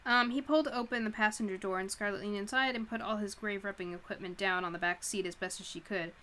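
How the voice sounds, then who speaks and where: A woman reading a novel aloud for a live audience, with a bright, crisp voice. She breaks off often for casual, chatty asides and reactions. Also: medium pitch, steady tone, fast talker. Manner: stops to comment and react informally. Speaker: streamer reading a book aloud.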